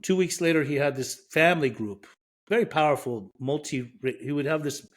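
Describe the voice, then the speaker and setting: A man's voice: a little high, normal speed. A middle-aged man from Iran, a podcast guest, telling a personal story with feeling and acting out the dialogue. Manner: emotional, vivid retelling with quoted dialogue.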